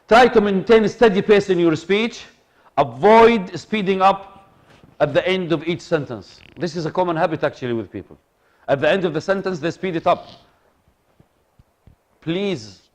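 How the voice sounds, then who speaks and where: A man giving a lively classroom lecture, often repeating himself and asking the room whether they follow. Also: sits high. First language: Arabic. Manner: animated, repeats himself, asks the audience for agreement.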